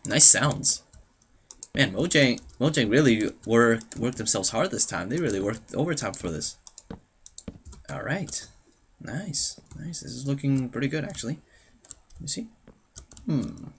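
A man's voice: mid-range voice, expressive, unhurried, pauses often, a little hiss or hum. A young man chatting casually to himself as he plays a game, playful and rambling, humming now and then. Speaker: let's play host. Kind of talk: casual gameplay commentary.

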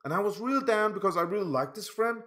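In an emotional personal vlog, a channel host whose first language isn't English rants about falling out with a friend, his high-sitting voice animated and fast. He goes over the same points repeatedly, keeps saying "okay?", and veers between loud bursts and quiet asides.

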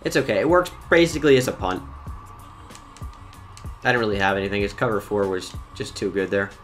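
A young man giving live commentary on his own football video game, excitable and talkative, jumping from loud outbursts to muttered complaints about his players. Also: fairly low pitch, brisk, faint music behind. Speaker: gaming YouTuber.

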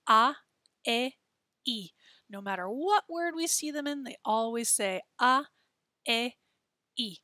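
A woman teaching a children's Spanish lesson, enunciating words slowly and clearly in an encouraging way. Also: on the high side, bright, forceful tone, dry recording, clean studio sound.

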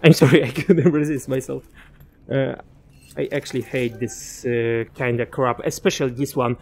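A man's voice: medium pitch, fairly even intonation, moderate pace, darkish tone, slight background noise. A young man giving casual let's-play commentary, chatting to enemies and muttering asides to himself. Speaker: gaming commentator.

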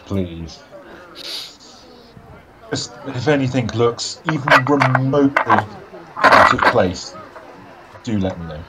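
A man's voice: mid-range voice, lively intonation, slow pace, long pauses, very noisy. Hesitant man at a tabletop game. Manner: hesitant, restarting. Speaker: player. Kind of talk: casual tabletop play.

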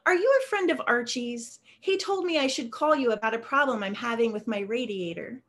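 A woman's voice: on the high side, expressive, fairly quick, close to an everyday voice. A woman voicing a lonely widowed old man who makes phone calls, polite and hesitant.

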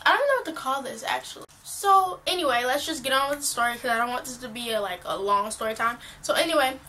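A teenage girl vlogging casually, telling a rambling, animated story full of fillers. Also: fairly high pitch, a little hiss or hum. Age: teen.

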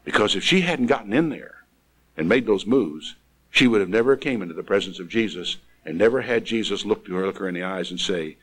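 A man preaching a sermon in an emphatic way, swinging from loud exclamations down to quiet asides. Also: on the low side, lively intonation, brisk, breathy edge, rough recording.

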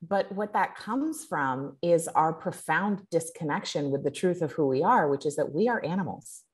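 Woman guest from Maine, lower voice, thoughtful and earnest. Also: normal speed. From Maine, USA. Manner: reflective, earnest, relaxed. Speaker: guest, author. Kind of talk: casual conversational interview.

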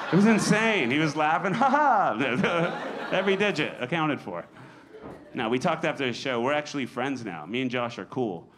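Animated male stand-up comedian. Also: medium pitch. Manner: animated storytelling, acting out quotes with sudden loud jumps. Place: comedy club stage. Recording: live club recording with audience noise. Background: audience laughter.

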